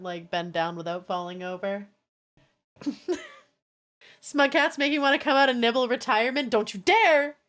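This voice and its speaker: High-voiced, playful woman streamer. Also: fairly bright tone. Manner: playful, crude and swearing, talking to chat. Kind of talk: casual livestream chat.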